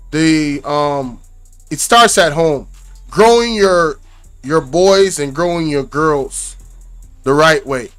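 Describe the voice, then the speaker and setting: Man, high voice, emphatic casual commentary, faint music behind. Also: a bit bright. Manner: emphatic, repeats points, asks "right?". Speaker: reaction channel host.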